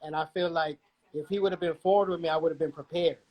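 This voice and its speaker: A man, a rapper, chatting casually in a playful, animated way with loud outbursts. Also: a little high, fast, rough recording. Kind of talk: casual chat.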